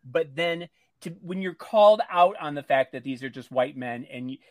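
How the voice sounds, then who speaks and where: A man co-hosting a casual talk show, cutting in firmly to set the record straight. His voice sits a little high and sounds dry and close to the mic. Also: lively intonation, moderate pace, no echo. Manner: firm, interjecting, correcting others. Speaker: co-host. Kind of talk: casual chat.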